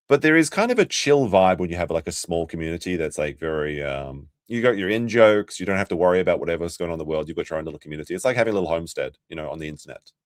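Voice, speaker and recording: A man's voice: deep voice, no room sound, clean studio sound. A man from Australia with a light Australian accent, streaming sarcastic commentary on clips. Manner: sarcastic, mocking, swears. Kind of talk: casual commentary.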